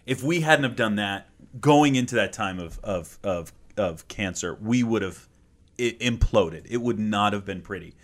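Lively, emphatic man telling a story. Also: on the low side. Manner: animated, emphatic, quick to laugh. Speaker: podcast host. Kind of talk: casual storytelling chat.

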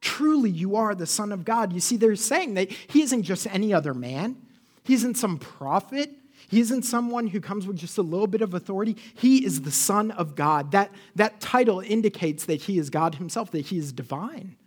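A man's voice: high voice, animated, normal speed. A man preaching a sermon as a pastor. He speaks animatedly, asks the congregation questions and acts out the quotes he reads.

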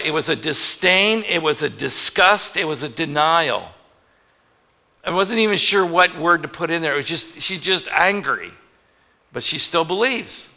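A male pastor preaching a conversational sermon, moving from loud emphatic lines to hushed ones. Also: on the high side, vocal fry. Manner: conversational, animated, swings between loud and hushed. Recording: reverberant hall.

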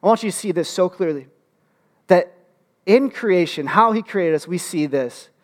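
A man preaching a sermon as pastor, animated and humorous, with frequent restarts and fillers. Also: sits high, moderate pace. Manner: animated, humorous asides with rising excitement.

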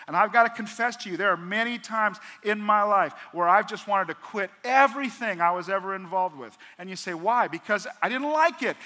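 High bright-voiced preaching man, hall reverb. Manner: preaching with acted-out dialogue and rhetorical questions. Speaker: pastor. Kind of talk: sermon. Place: large church hall.

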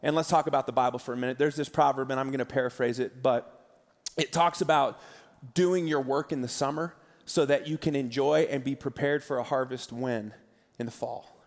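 A man's voice: mid-range voice, steady tone, fairly quick. A man preaching a sermon as pastor, talking in a conversational, emotional way with jokey asides. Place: large arena church. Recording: long hall reverb.

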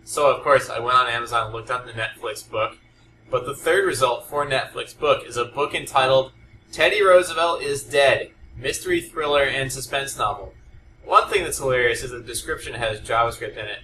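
A bright, forward-sounding man banters playfully as a podcast co-host. He sits a little back from the mic, and there is faint noise around him. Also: mid-range voice, moderate pace, roomy sound, distant mic, rough recording. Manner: animated, playful, hams up a dramatic reading. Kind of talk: casual tech podcast chat.

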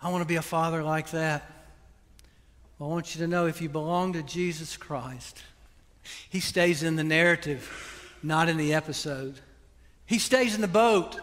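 An older man preaching a sermon as pastor, earnest and pleading, then praying softly. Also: a little high. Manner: earnest, pleading preaching that drops soft into prayer. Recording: long hall reverb.

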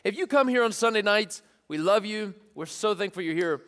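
A man preaching as a youth ministry pastor, eager and lively, rallying a young crowd in a church. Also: high voice, a little fast, long reverb tail. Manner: enthusiastic, calls to the crowd, repeat-after-me. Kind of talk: energetic youth sermon.

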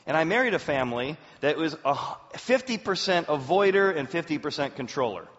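A man in his forties, a pastor preaching a sermon as an animated storyteller, with big swings in pitch and loudness. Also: brisk. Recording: roomy hall, dull sound.

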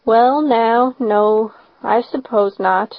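Woman playing a gentle old farmer man, slow, halting, reluctant, dull lo-fi sound. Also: fairly high pitch, creaky, dry recording. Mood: hesitant. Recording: slightly dull lo-fi recording.

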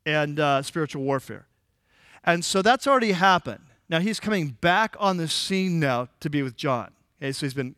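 High-voiced man preaching conversationally. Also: a bit bright, no echo, clean studio sound. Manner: conversational, paraphrasing scripture in everyday words. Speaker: pastor. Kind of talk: expository sermon.

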